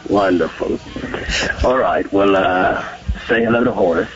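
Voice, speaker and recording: A man's voice: deep voice, unhurried, a little hiss or hum, pitched below the performer's own voice. A man voicing a polite, formal male British radio host in a prank call, heard over a phone line. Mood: courteous. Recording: muffled phone line recording.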